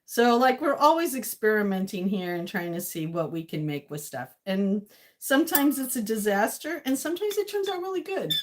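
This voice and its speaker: A woman in her home kitchen chats through a cooking experiment, thinking out loud and laughing at her own mishaps. Her voice sits at an ordinary middle pitch. Dishes and cutlery clink around her. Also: sing-song, normal speed. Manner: rambling, self-talking, laughs often. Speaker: cooking vlogger. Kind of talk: casual kitchen chatter to viewers.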